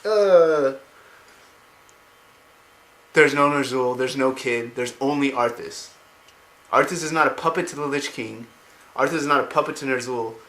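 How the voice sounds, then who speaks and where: A man retelling a story in a casual way, excitedly rambling and swearing as he goes. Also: mid-range voice, normal speed. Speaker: lore explainer. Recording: roomy home recording.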